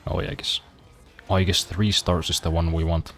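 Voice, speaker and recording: A man's voice: deep voice, fairly even intonation, moderate pace, faint music behind. A man streaming a racing game, chatting casually with dry, self-deprecating humor and casual swearing. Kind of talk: casual gameplay commentary.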